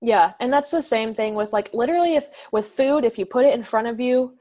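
A woman's voice: fairly high pitch, brisk, mellow. A young woman co-hosting a podcast in casual chat, talking in an upbeat way with lots of filler words. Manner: chatty, lots of "like" and "literally", upbeat. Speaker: podcast co-host.

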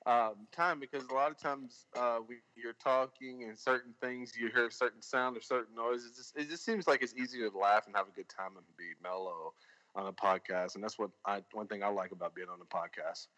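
Guy filmmaker rambling on a podcast, bright voice, lots of ums and restarts. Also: medium pitch, fairly even intonation, fairly quick, poor audio. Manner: rambling, many fillers and restarts. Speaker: filmmaker guest. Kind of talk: casual podcast chat.

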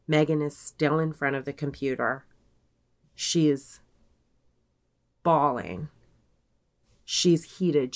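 A young adult woman co-hosting a podcast, casually retelling a story, peppering it with "like" and quoting people in her own voice. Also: rumbling low. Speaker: podcast co-host.

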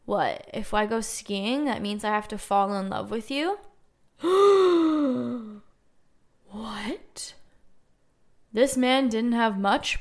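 A woman's voice: mid-range voice, bright, forceful tone. A young woman hosting a podcast, telling a personal story in a chatty way, full of "like" and wry jokes. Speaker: podcast host. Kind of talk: casual storytelling monologue.

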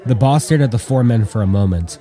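A man narrating an audiobook in an even, measured way. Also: mid-range voice, some chatter behind.

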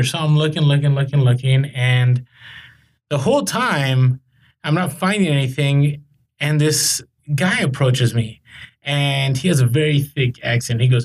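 A man hosting a casual podcast, telling animated, rambling stories about reselling. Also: on the high side, moderate pace.

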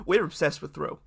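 A man's voice: high-pitched, vocal fry, husky. A man co-hosting a podcast in casual chat, playful and teasing, often laughing. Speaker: podcast co-host.

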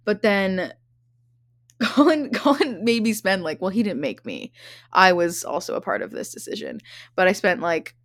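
A woman's voice: mid-range voice, expressive, normal speed, no echo. Profane young woman podcast host, dry close sound. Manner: profane, rambling, laughs often. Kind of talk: casual storytelling chat.

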